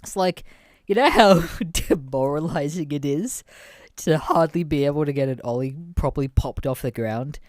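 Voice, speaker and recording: A man's voice: fairly high pitch, moderate pace, no room sound, studio quality. A man in his twenties hosting a podcast, telling stories in a casual, rambling way, swearing freely and laughing often. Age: 20s. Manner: profane, laughs often, rambling with many fillers. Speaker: podcast host.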